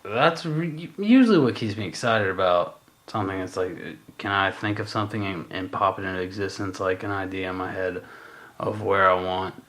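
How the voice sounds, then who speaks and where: A man's voice: low-pitched, normal speed, a bit bright. A man co-hosting a podcast in casual chat, musing and rambling with lots of fillers and swearing. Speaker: podcast co-host.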